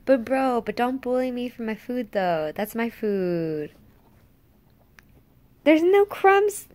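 A woman's voice: on the high side, expressive, a little slow, dark tone, no room sound. A woman chatting casually to her pet dog on camera, playfully scolding and teasing it. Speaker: dog owner.

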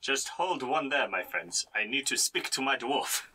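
A man's voice: mid-range voice, sing-song, normal speed, sharp tone, husky, heavily acted, poor audio. A tabletop player voicing a brash male knight with a French flair, gallant and theatrical.

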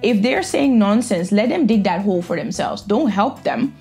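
A woman talking through her reactions in a casual vlog, blunt and sassy, quick to pass judgment. Her voice sits at an ordinary middle pitch, with faint music running underneath. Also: expressive, a little mellow. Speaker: reaction vlogger. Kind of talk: casual commentary.

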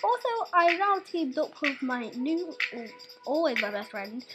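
A woman's voice: high-pitched, very animated, unhurried, over loud music. A young woman, in her teens, hosting a casual gaming video with chatty, giggly, teasing talk. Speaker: gaming channel host.

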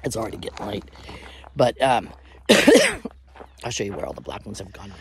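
A woman's lively, up-and-down voice as she talks to her chickens on a small farm. She chats to the camera between scolding the birds, in a casual, homey way, while faint clucking carries in the background outdoors. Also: very deep voice, normal speed, slight background noise. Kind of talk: casual vlog narration while doing chores.

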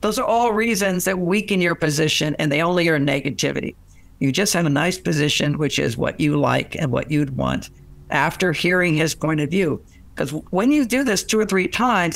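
An older man, a relationship author being interviewed, telling anecdotes in lively conversational style and acting out quoted voices with many restarts. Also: a little high, moderate pace, creaky, dry recording. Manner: animated, acts out quoted voices, frequent restarts.

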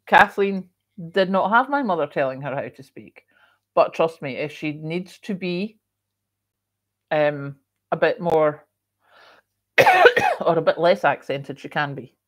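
A woman's voice: sits low, expressive, measured pace, long pauses. A middle-aged woman from Scotland with a moderated Scottish accent, hosting a livestream and chatting casually as she reads out viewer comments, with frequent coughs and ums. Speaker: livestream host.

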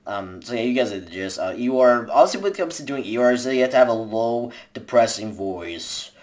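A woman's voice: a bass voice, expressive, fast talker, a little mellow. A young woman giving casual, rambling tips to viewers in a home video, with lots of fillers and restarts. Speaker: vlogger.

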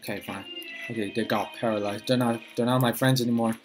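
A man hosting his own gaming channel, giving flustered, excitable let's-play commentary that often repeats itself. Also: mid-range voice, fast talker, music in the background.

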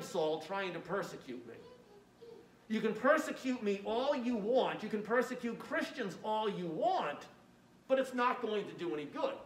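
Roomy, distant high-voiced male preacher. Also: fairly bright tone. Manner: reads scripture aloud with rising emphasis, then explains it plainly; uses fillers like "uh" often. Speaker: pastor. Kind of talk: sermon. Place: church sanctuary. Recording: echoey church room from a distance.

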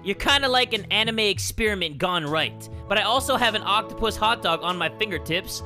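Loud, excitable man swearing at a game. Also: high-pitched, a little fast, music in the background. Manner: loud, swearing, bursts of shouting and laughter. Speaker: gaming YouTuber. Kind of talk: excitable let's-play commentary.

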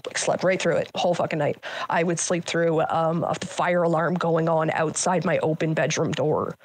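A woman in her thirties tells her family story bluntly, swearing freely and leaning on filler words. Her voice sits on the low side, and the sound is dry and close, with no room around it. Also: steady tone, moderate pace, dry recording. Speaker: guest. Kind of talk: candid personal storytelling.

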